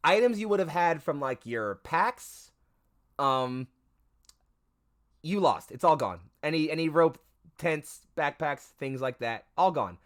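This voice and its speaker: A man's voice: on the high side, lively intonation, a little slow. A man running a tabletop game as game master, rambling through fillers and self-corrections, and swearing now and then. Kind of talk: narrating a tabletop game on stream.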